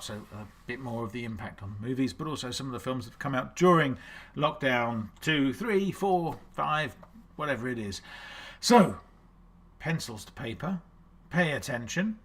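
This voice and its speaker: A man's voice: mid-range voice, lively intonation, moderate pace, a bit bright, husky. A man hosting a live-streamed quiz, chatty and self-deprecating, greeting viewers by name and reading out scores and questions. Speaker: online quiz host.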